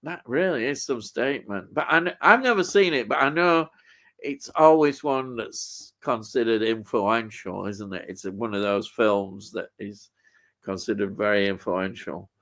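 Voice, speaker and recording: A man hosting a livestream, chatting casually and slowly thinking aloud, with frequent fillers and a mild rant. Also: lowish voice, fairly bright tone. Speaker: livestream host. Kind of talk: casual chat.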